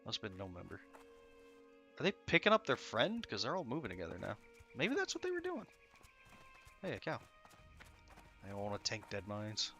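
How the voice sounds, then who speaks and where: Game music runs beneath this drowsy streamer as he chats aimlessly, cursing and chuckling at his own remarks. His pitch is fairly low but swings hugely, his tone sharp, and he speaks at a moderate pace with frequent pauses.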